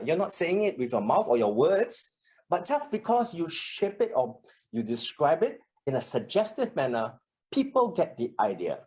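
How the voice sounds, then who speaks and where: Lively speaking coach teaching a workshop. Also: medium pitch. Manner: animated, acts out example sentences. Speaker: public speaking trainer. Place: meeting room, also streamed on a video call.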